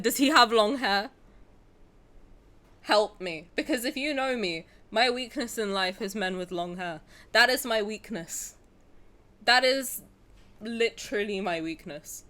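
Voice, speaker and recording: Excitable woman streamer. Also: mid-range voice. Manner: excitable, dramatic, rambling. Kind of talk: casual stream chat.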